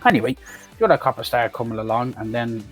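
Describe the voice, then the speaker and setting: A man's voice: medium pitch, sing-song, fast, creaky, fairly bright tone, soft background music. A man giving a profane, mocking comic recap of a film as a reviewer. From Ireland. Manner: sweary, ranting, mocking.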